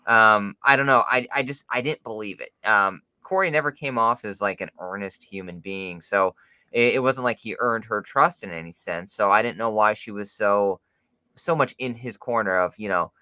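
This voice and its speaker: A man co-hosting a podcast, talking through a film in halting, casual chat with many fillers. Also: fairly low pitch, pushed and bright, clean tone, no echo. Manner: hesitant, halting with restarts and fillers. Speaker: podcast co-host.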